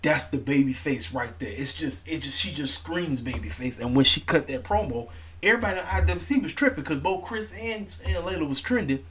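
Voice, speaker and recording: A man's voice: on the high side, animated, fairly quick, a bit bright. A man giving a casual, opinionated rant as a wrestling vlogger, blunt and repetitive with plenty of slang.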